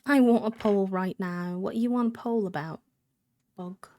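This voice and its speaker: A woman's voice: medium pitch, measured pace, a little mellow. A young woman streaming a game live, chatting in a rambling way, answering her chat and thanking subscribers. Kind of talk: casual live-stream chat while gaming.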